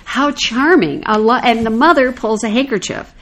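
A woman's voice: a little high, a little fast. An older woman casually telling a story in conversation, acting out what people said. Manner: animated anecdotal storyteller, acts out quoted lines. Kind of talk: casual chat.

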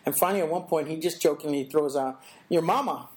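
A middle-aged man, an interview guest, telling a personal story in a thoughtful way, with halting restarts and little acted-out quotes. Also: fairly high pitch.

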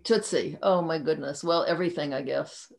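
A woman's voice: sits low, normal speed, vocal fry, a little mellow. A woman hosting an interview, reacting effusively and going off on chatty tangents. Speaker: interview host.

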